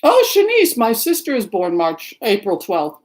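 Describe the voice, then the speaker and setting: A woman's voice: on the high side, wildly swooping pitch, unhurried, a little mellow, rough recording. Middle-aged woman from seattle, chatty livestream host, rambles and says hi to viewers. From Seattle area, Washington. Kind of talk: casual chat with live viewers.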